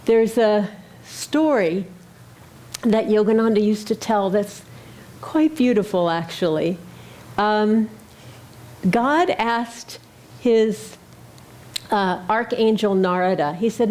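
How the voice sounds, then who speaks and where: A woman speaking at a Sunday service, telling a spiritual story in a gentle manner with some hesitant fillers. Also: medium pitch, takes it slowly, long pauses. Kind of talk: sermon storytelling.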